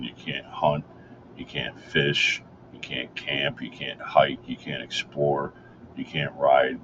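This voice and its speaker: A man with an extremely deep voice speaks as a guest on a political talk show. He insists on his points, listing them one by one. Noise sits under the recording. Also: highs cut off. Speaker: guest commentator.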